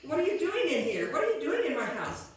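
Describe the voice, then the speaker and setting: A kindly old cobbler, gentle and a bit hesitant, offering help to strangers, as a woman storyteller puts him on. His voice sits a little higher than the teller's own. It rings in a very echoey room, with the mic set well back. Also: animated, unhurried, distant mic, noisy background. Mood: startled.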